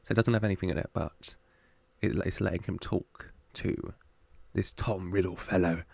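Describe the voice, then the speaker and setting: A man's voice: low-pitched, steady tone, moderate pace, gravelly, a little mellow, dry recording. A man hosting a casual film reaction, chatty, joking with the screen and laughing often. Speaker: reaction video host.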